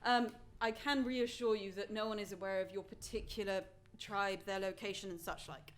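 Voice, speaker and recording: Brisk woman game master. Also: mid-range voice, steady tone. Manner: brisk, steering the table. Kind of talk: running a live tabletop game. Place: live theatre stage.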